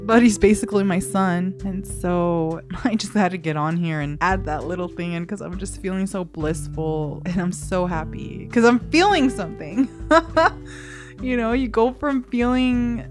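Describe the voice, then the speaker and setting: Woman podcaster talking heartfelt and teary, laughs a lot, mid pitch, soft guitar behind. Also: moderate pace, hardly any pauses. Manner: emotional, laughing often, heartfelt. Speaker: podcast host. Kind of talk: solo podcast monologue.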